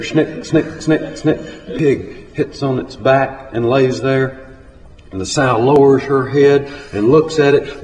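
A man telling a story live on a stage in a large hall, measured and unhurried, rising to loud urgency at the tense parts. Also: mid-range voice, slight background noise. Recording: echoey hall with faint ambience.

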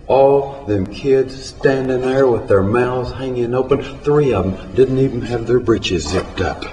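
Slow folksy man telling a story. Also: medium pitch, dark tone, a little hiss or hum. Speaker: storyteller and poet. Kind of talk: live storytelling and poetry reading. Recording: echoey hall, from far off.

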